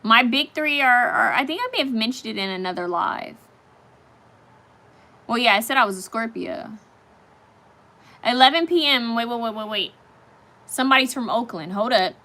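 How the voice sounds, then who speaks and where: A woman's voice: a little high, expressive, normal speed, long pauses, pushed and bright. A woman hosting a casual live stream, chatting straight to her viewers and reacting to their comments as they come in.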